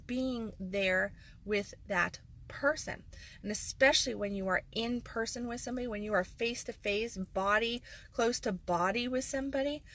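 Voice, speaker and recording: A woman's voice: medium pitch, gravelly, a bit bright, slight background noise. A woman life coach talking frankly and emphatically in a casual video monologue, with sarcastic asides.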